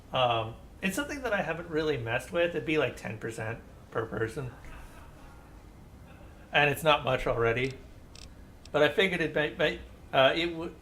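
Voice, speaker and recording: A man's voice: on the high side, fairly bright tone, a little hiss or hum. A young man streaming a game, chatting casually with rambling asides and sarcastic talk-back to the characters. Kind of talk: casual live-stream chat over gameplay.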